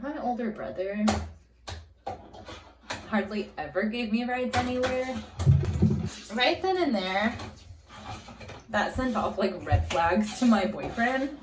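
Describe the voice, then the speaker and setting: A woman in her thirties casually telling a personal story for her vlog, chatty and animated, with lots of "like". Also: fairly high pitch, slow pace, pauses often, background noise. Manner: chatty, animated, heavy use of "like". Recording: roomy echo, faint music.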